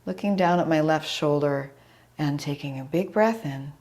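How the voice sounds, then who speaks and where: A middle-aged woman teaching a chair yoga class over a video call, giving calm guiding cues and naming students as she goes, with a slightly scratchy voice. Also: low-pitched, moderate pace. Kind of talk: live online yoga class instruction.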